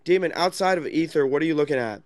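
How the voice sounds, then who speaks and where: A man's voice: on the high side, fast, dry recording. A man hosting a casual chat in an online audio room. He speaks in a brash, mocking way and swears a lot. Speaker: host.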